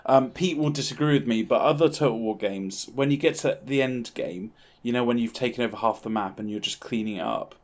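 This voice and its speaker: A man co-hosting a gaming podcast in loose, rambling chat. He is animated and quick to laugh. His voice sits at an ordinary middle pitch. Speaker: podcast co-host.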